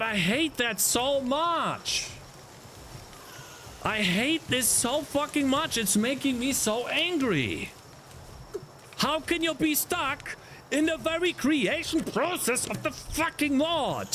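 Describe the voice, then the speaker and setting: High, lively-voiced man ranting in exasperation. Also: slight background noise. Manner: exasperated ranting, heavy swearing, sighs. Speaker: game developer streamer. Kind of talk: live-stream commentary while coding.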